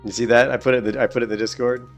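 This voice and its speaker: A middle-aged man talks loosely over his gameplay stream at an ordinary mid pitch. He rambles from point to point, swears freely and chuckles at his own complaints, with faint music under him. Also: level tone, very fast. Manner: rambling, profane, laughs at his own stories. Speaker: gaming streamer. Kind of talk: casual chat while streaming gameplay.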